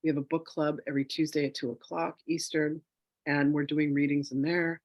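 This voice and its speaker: Chatty man with a fairly high voice. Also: fairly quick, no echo, highs cut off. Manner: chatty, relaxed, self-joking. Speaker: spiritual teacher doing a reading. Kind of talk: casual spiritual session.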